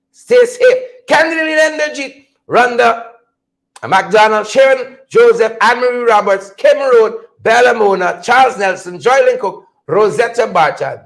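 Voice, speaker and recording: A man's voice: high voice, creaky, rough recording. A man with a Guyanese accent hosting a political commentary livestream, sarcastic and repetitive, pleading with his viewers.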